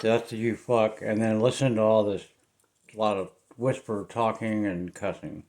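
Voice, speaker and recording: A middle-aged man with a Southern US accent, telling a ghost story in a casual, rambling way to his viewers, often trailing off into quiet mumbles. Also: on the low side, moderate pace, heavy background noise. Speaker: paranormal investigator vlogger.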